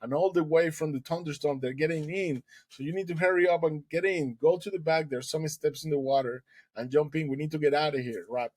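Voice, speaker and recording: A man's voice: fairly high pitch, steady tone, brisk, darkish tone, dry recording, voice pushed up, lightly acted. A man voicing an older fisherman who gives urgent, fatherly commands. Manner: urgent commands, calls listener son.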